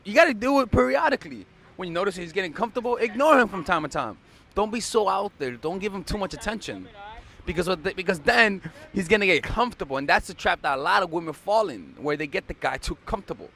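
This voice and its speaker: A man's voice: sits high, lively intonation, quick pace, gravelly, sharp tone. A young man giving casual dating advice, blunt and profane, repeating himself for emphasis. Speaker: dating coach.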